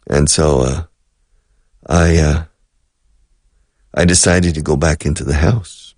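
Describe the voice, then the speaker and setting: A man's voice: rumbling low, steady tone, slow pace, pauses often, darkish tone, no room sound. A man hosting a radio English lesson, explaining phrases through rambling anecdotes at a close mic. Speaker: radio host and English teacher.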